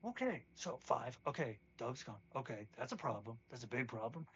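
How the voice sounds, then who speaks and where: A man's voice: medium pitch, big pitch swings, moderate pace, muffled recording, a little hiss or hum. A man narrating as game master for a tabletop game, rambling and casual, swearing freely.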